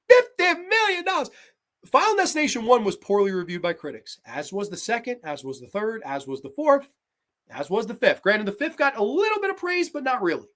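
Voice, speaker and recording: A woman's voice: medium pitch, fairly bright tone. A woman hosting a horror movie review, ranting in a sarcastic, exasperated and heavily profane way.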